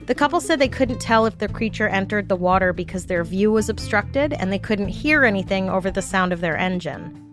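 A woman's voice: mid-range voice, lively intonation, fairly quick, faint music behind. A woman hosting a podcast, narrating a scripted story with wry, jokey asides. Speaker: podcast host.

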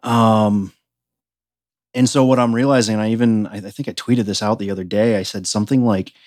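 A man's voice: lowish voice, steady tone, moderate pace, darkish tone, no room sound, clean studio sound. A man in his thirties from the United States, a podcast guest telling his story in an earnest, reflective way. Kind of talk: casual interview conversation.

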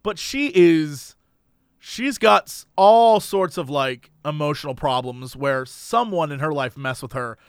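A high-pitched man talks in an easy, animated way, jumping into voices as he retells scenes. The sound is dry and close, with almost no room around him. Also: a little slow, clear, resonant tone, no room sound. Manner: animated storyteller, acts out quotes in voices. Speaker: podcast co-host. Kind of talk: casual chat recapping a reality show.

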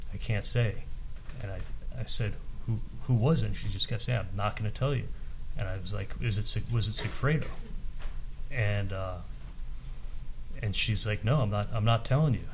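A man's voice: fairly low pitch, slight background noise. A man testifying in court, retelling a conversation with frequent stumbles and restarts. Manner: halting, recounts dialogue with many restarts.

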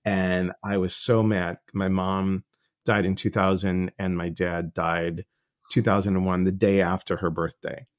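A middle-aged man with a fairly low voice hosts a podcast chat. He talks earnestly and acts out other people's lines as he tells his stories. The sound is dry and close. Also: level tone, unhurried, no echo. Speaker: podcast host and life coach. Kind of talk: casual interview chat.

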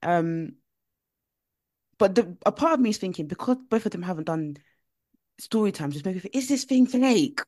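A young woman co-hosting a podcast, telling stories with animated, playful energy. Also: on the low side, moderate pace, long pauses, no room sound, studio quality. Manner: animated storytelling, jumps into voices. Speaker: podcast co-host. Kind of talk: casual chat.

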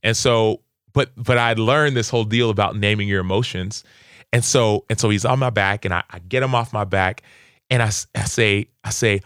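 A young adult man, a football player, telling earnest, animated stories as a podcast guest. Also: medium pitch, a little fast, no room sound, studio quality. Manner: earnest, animated, lively acted-out quotes. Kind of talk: conversational interview storytelling.

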